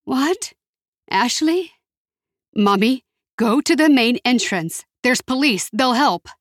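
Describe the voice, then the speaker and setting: A woman voicing a frightened adult daughter who shouts commands into a phone. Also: high voice, expressive, slow, no room sound, studio quality, voice pushed up, full character voice. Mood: urgent.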